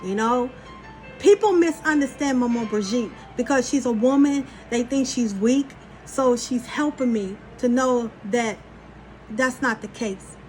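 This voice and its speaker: A woman talking casually and bluntly to her viewers as a spiritual vlogger, animated and often profane. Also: on the high side, measured pace, soft background music.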